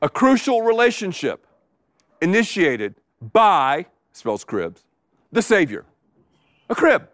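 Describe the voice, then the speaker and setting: A middle-aged pastor preaching a sermon to a live congregation, with animated delivery and emphatic repetition. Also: male voice, high voice, takes it slowly, pauses often, no room sound.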